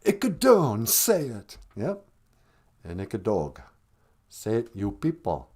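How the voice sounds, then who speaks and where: A man's voice: fairly low pitch, wildly swooping pitch, slow, dark tone. A man hosting a casual live stream, joking and teasing in a playful way.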